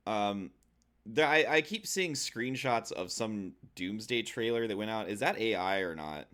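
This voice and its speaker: A man's voice: lowish voice, expressive, unhurried, a bit bright. A man co-hosting a casual comics podcast, chatting and guessing about stories. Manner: chatty, speculative. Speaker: podcast co-host. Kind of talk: casual chat.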